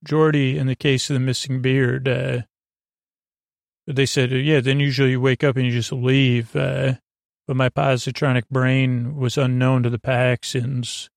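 A man with a mid-pitched, gravelly voice talks slowly and loosely, recapping a story with plenty of "uh"s and "he goes". The sound is close and dry, like a home podcast mic. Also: little pitch movement, no room sound. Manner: rambling, many "uh"s and "goes", quotes lines loosely. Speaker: podcast host retelling an episode. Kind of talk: casual sleepy recap.

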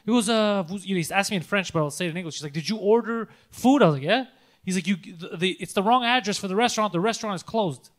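Fast-talking young man telling a story. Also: high-pitched. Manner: storytelling, swears a lot, acts out quotes. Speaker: podcast co-host. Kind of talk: casual podcast chat.

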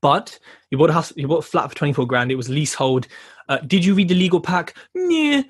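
Upbeat husky man. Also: fairly high pitch, quick pace. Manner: upbeat, prompting questions. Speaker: podcast co-host. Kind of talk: casual podcast chat.

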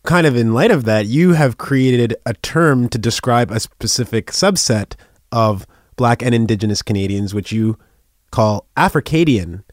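A man's voice: mid-range voice, lively intonation, moderate pace, dry recording. A man hosting a radio interview in a studio, asking questions in a friendly, inviting way.

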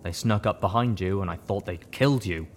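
A man voicing a quiet, nervous young stallion in an audiobook, speaking softly and hesitantly. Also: low voice, a little fast, a little hiss or hum, natural voice. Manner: soft, hesitant. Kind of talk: audiobook character voice.

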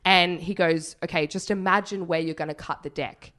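A woman telling a story in casual chat, animated and laughing, swearing freely. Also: fairly low pitch, moderate pace.

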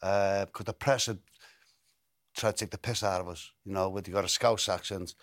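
A man's voice: low-pitched, fairly even intonation, fairly quick, no room sound, studio quality. An older man, telling football stories in an interview, often repeating and restarting words. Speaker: interview guest, former footballer. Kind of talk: relaxed storytelling interview.

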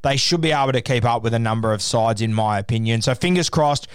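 A man chats through his rugby league picks in a casual, opinionated way, with the odd filler. His voice is smooth and clear. The sound is dry and close. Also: medium pitch, quick pace, no echo. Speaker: rugby league tipster host. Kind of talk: casual podcast sports tips.

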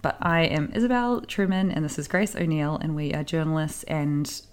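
A woman co-hosting a podcast, talking quietly and casually from a hotel room, as she says. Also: low-pitched, lively intonation, normal speed, clear, resonant tone. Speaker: podcast co-host, journalist. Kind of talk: casual chat.

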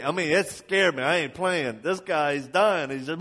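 A man's voice: fairly high pitch, normal speed, few pauses, a bit bright. Male preacher, dramatic storyteller, emphatic questions, echoey hall reverb. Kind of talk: sermon with personal stories.

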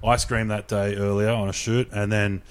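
A young man, a guest chef telling a story in animated, casual chat, swearing freely and stacking up fillers. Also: lowish voice, moderate pace, clean tone.

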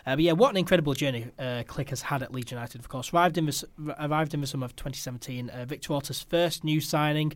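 A man's voice: a little high, fast talker, hardly any pauses, no echo. A man hosting a casual football podcast, upbeat and chatty, with many "uh" fillers and repeated words. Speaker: podcast host.

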